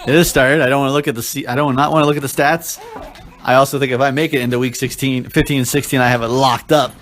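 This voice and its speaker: A man's voice: medium pitch, fairly even intonation, fast, a bit bright. A man co-hosting a casual chat, teasing and trash-talking his friend.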